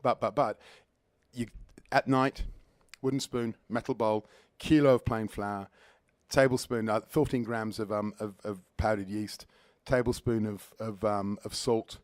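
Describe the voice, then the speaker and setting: A middle-aged man, a food critic on a radio studio interview, talking fast and with lots of enthusiasm. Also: on the low side, dry recording. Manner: fast, enthusiastic, animated storytelling. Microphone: studio microphone.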